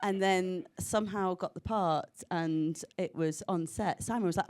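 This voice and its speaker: A woman actor in a panel chat, telling animated stories and laughing often. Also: fairly low pitch, a little slow.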